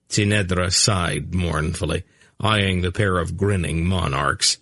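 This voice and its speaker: Slow, gravelly male audiobook narrator. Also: low-pitched, fairly bright tone, no echo, studio quality. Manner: slow, measured reading with character voices. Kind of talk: scripted narration.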